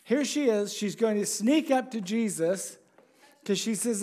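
Male preacher, high voice, casual sermon delivery, chuckles, asks questions of the congregation. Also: animated, a little slow, mellow.

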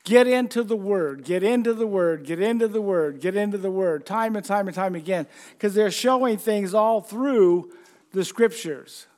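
A man's voice: high-pitched, normal speed, a little mellow. A man preaching a conversational sermon, repeating phrases over and over for emphasis.

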